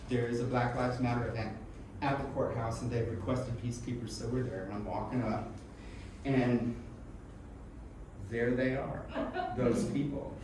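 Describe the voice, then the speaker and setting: A man telling a personal story to a live audience in an animated, self-mocking and frank way, swearing freely. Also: medium pitch. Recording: echoey room from a distant mic with background noise.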